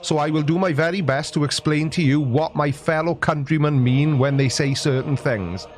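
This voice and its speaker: A man's voice: fairly high pitch, normal speed, a little hiss or hum. A Welsh man in his forties with a sarcastic, jokey delivery, giving a comic monologue. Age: 40s. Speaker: YouTuber.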